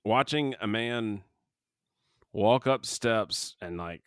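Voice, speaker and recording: Low-voiced rambling man reviewing a movie. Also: slow pace, smooth, no room sound, clean studio sound. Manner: rambling, restarts sentences, laughs often. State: has the hiccups. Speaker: podcast co-host. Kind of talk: casual movie review chat.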